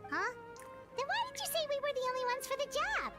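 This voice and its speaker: Brief: a cocky little floating game companion, very high and lively, over game music. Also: female voice. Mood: eager. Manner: eager, quick to boast. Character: tiny high-voiced floating girl companion, eager and cocky. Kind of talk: game voice acting.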